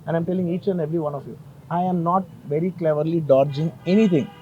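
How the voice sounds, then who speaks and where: Fast-talking emotional man. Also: fairly high pitch, fairly even intonation, dull audio, a little hiss or hum. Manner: earnest, emotional, insistent with many repetitions. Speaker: film actor at a press conference. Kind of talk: press conference statement.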